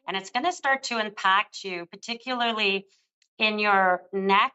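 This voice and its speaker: Bright-voiced older woman giving a psychic reading. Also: medium pitch, measured pace, clean tone, lo-fi sound. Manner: soothing, affectionate, calls the caller love. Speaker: psychic reader. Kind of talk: live psychic reading on air.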